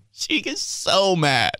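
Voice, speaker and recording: A man's voice: high-pitched, bright, forceful tone, a little hiss or hum. A young man hosting a comedy podcast, telling goofy stories with sudden outbursts and laughter. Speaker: podcast host.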